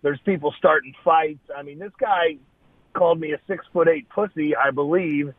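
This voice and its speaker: A man's voice: a little high, normal speed, no room sound. A man co-hosting a podcast, talking bluntly and swearing freely in casual chat. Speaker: podcast co-host. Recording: dry, phone-like sound.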